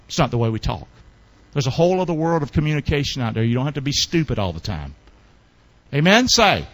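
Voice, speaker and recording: Animated preaching man, high and lively. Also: normal speed, long pauses. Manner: call-and-response preaching, quizzing the congregation; animated, swings between loud bursts and low asides. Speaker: pastor. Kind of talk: sermon.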